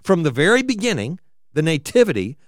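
A man preaching a sermon in a fairly high voice that swings widely in pitch as he reads scripture aloud. The sound is dry and close, with no room around it. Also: brisk, no echo. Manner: expressive, rising and falling as he reads scripture aloud.

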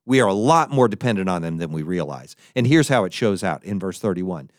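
A man preaching a sermon, who talks in an animated way and acts out the figures he quotes in different voices. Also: low-pitched, fairly quick, no room sound, clean studio sound.

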